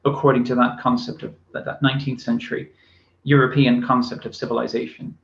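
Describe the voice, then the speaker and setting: A man's voice: mid-range voice, flat delivery, brisk, vocal fry. A man giving a recorded university lecture, speaking with many fillers and restarts. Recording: echoey room, dull lo-fi sound.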